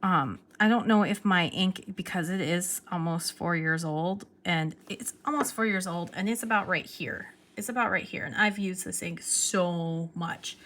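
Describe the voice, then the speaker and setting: Bright, excitable woman vlogger. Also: fairly low pitch, unhurried, hardly any pauses, a little hiss or hum. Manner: excitable, chatty, trails off and restarts. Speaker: pen vlogger. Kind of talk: casual show-and-tell vlog.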